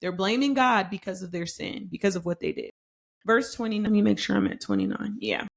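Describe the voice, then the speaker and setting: A woman hosting a podcast Bible study, teaching in a conversational, emphatic way and reading scripture slowly and deliberately. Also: mid-range voice, sing-song, vocal fry.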